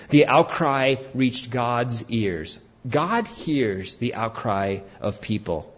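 A pastor preaching an animated sermon, rising to shouts for emphasis. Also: male voice, mid-range voice, takes it slowly, husky, muffled recording.

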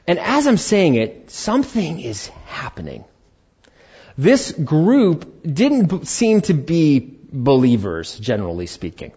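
A man's voice: fairly high pitch, a little slow, breathy edge. A middle-aged man, a pastor, telling a personal story in a sermon in a conversational way and acting out the dialogue. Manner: animated, conversational, acts out dialogue. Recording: dull lo-fi recording.

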